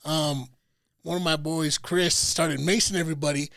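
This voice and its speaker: A young man with a high, gravelly voice tells a story on a podcast. He swears freely and acts out the lines people said. The sound is close and dry, with almost no room around it. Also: moderate pace, no echo. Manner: animated, profane storyteller who acts out quotes. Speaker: podcast host.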